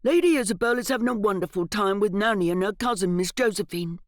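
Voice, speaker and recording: A woman's voice: medium pitch, animated, fast talker, no room sound, clean studio sound, lightly acted. A woman voicing a polite, deferential elderly male butler. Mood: delighted.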